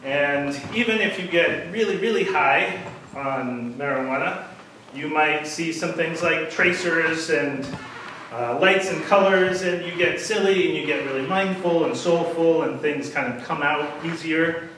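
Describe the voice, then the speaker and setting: A man's voice: on the high side, a little slow, fairly bright tone. A man giving an unprepared, rambling talk to a crowd, full of fillers and self-deprecating asides. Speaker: speaker at a storytelling event. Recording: echoey hall from far off, with noise.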